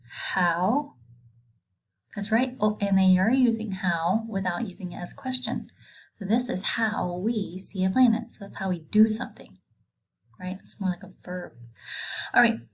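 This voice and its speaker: A woman's voice: medium pitch, measured pace, slightly rough, poor audio. A woman teaching a recorded reading lesson to kindergarteners, patient and encouraging, asking simple questions and praising answers.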